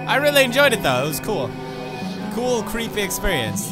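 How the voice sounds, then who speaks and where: A man in his twenties hosting a let's-play video, goofy and profane, bursting into shouts. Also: high voice, sing-song, slow pace, long pauses, loud music behind the voice. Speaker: gaming video host.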